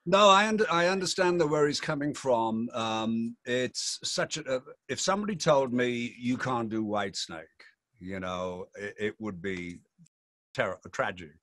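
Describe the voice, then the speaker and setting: A man's voice: mid-range voice, unhurried, fairly bright tone, no echo. A man in his sixties with a Yorkshire accent, chatting playfully in an interview with theatrical, jokey asides. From England. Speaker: rock singer.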